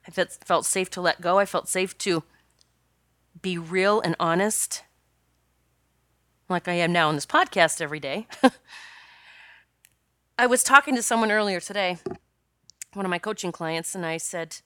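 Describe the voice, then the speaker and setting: A woman's voice: lowish voice, a little slow, long pauses, pushed and bright, no room sound, clean studio sound. A woman hosting her own podcast as a spiritual coach, telling a personal story in a chatty, rambling way with many restarts and laughs. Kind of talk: casual solo podcast storytelling.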